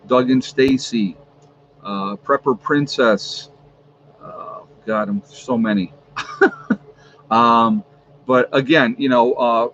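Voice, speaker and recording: A man hosts a relaxed livestream from his home, rambling between shout-outs and reading off a long list of viewers' locations. His voice sits at a middling pitch. The audio is a bit dull, with a faint hiss underneath. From New York. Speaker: livestream host. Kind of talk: casual livestream chat. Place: at home with a fan running.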